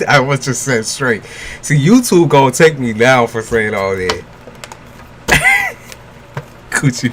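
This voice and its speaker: A man with a medium-pitched voice gives a tarot reading on a livestream against a noisy background. Chatting casually with viewers, he's loose, joking, and profane, laughs often, and offers blunt, frank advice.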